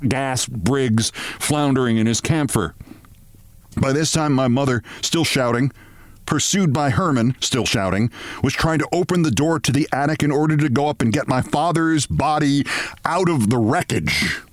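Man, podcast host, expressive story reading, mid pitch, dry sound. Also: moderate pace, no echo. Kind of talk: reading a short story aloud.

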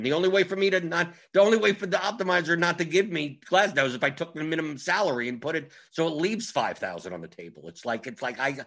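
A man's voice: on the high side, animated, fast, hardly any pauses, fairly bright tone. Man rambling through sports strategy. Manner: rambling, repeats words while explaining. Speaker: fantasy sports analyst host. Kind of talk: casual strategy talk.

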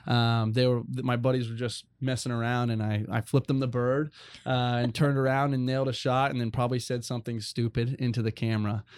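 A man's voice: medium pitch, flat delivery, brisk, a little mellow, clean tone. A young adult man telling a personal faith story as a guest, earnest and rambling with many restarts.

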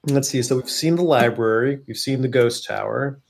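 A man's voice: mid-range voice, moderate pace, vocal fry. Man thinking aloud as a player. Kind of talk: casual tabletop game play.

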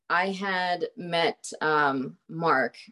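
A woman's voice: deep voice, drawn-out words, bright, forceful tone. A young woman telling a story in a casual chat, laughing often and swearing freely, with lots of fillers.

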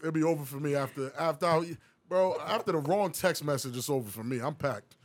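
A man co-hosting a comedic podcast, talking in casual banter and swinging from loud outbursts to low mutters. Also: fairly quick, a crowd in the background. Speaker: podcast co-host.

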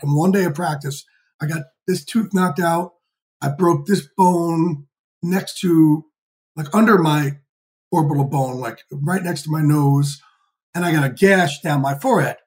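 A man in his fifties, a podcast guest telling lively, profane stories in a casual interview. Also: a little high. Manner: energetic, profane, animated storyteller. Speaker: podcast guest, sports insider.

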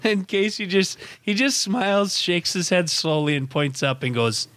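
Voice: mid-range voice, lively intonation, normal speed, fairly bright tone, no echo. A co-host telling a rambling story in casual podcast chat and laughing often.

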